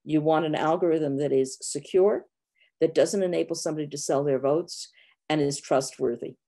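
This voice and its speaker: Woman, 60s, from New York; low voice, frank explanatory answers over a video call. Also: moderate pace, dark tone. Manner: frank, explanatory, many fillers. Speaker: guest professor. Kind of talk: online Q&A answers.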